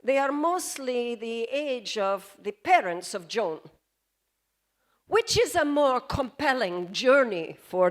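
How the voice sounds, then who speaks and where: A woman voicing a male theatre director who calmly and patiently coaches an actor. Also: on the high side, voice pushed down.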